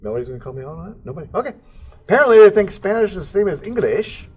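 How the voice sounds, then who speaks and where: Goofy high-voiced man teaching CAD. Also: very animated, very fast, husky, highs cut off. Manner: goofy, jokey, sound effects and silly accents. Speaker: CAD instructor. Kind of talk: casual screen-recorded tutorial.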